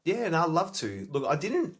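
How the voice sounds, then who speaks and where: A man with an Australian accent, a podcast guest telling his story in a reflective, relaxed way. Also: fairly high pitch, moderate pace. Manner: reflective and relaxed, with light fillers. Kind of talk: conversational interview answers.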